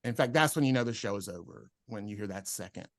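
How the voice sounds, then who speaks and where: The comedian talks fast in a lowish voice, animatedly telling stories on a casual podcast and acting out whoever he quotes. There's no echo, just clean studio sound.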